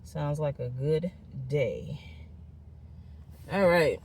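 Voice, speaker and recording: A woman in her forties vlogs outdoors on a walking trail after a walk, out of breath yet chatty and upbeat, calling her viewers friends and y'all. Her voice sits low and expressive with a darkish tone, she speaks extremely slowly, and there's slight background noise.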